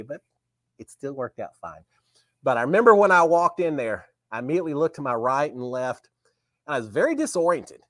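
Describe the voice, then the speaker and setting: A man's voice: on the high side, dry recording. A man hosting a live talk show, telling a story casually and acting out remembered dialogue. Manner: animated, acts out remembered dialogue.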